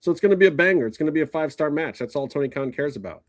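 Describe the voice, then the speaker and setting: A man's voice: fairly high pitch, animated, rapid-fire, dry recording, clean studio sound. A man co-hosting a wrestling podcast, in casual chat, teasing and slipping into a mock promo voice. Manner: joking, mock promo voice, busts balls. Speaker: podcast co-host.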